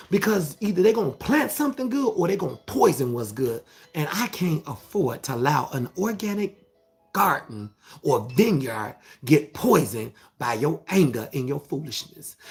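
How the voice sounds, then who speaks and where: A man preaching a motivational sermon, emphatic and repetitive, with a gravelly voice. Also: high voice. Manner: emphatic, repetitive, call-and-response phrasing.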